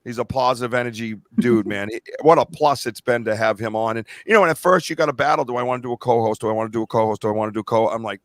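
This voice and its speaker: A man's voice: mid-range voice, rapid-fire, hardly any pauses, fairly bright tone, dry recording. A middle-aged man hosting a podcast, speaking earnestly and with emotion, his voice choking up at times. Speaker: podcast host. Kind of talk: casual podcast chat.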